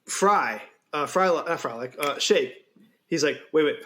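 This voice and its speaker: A man's voice: fairly high pitch, expressive, slow, bright, forceful tone. Chatty podcast host man. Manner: chatty, laughs at his own jokes. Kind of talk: casual chat.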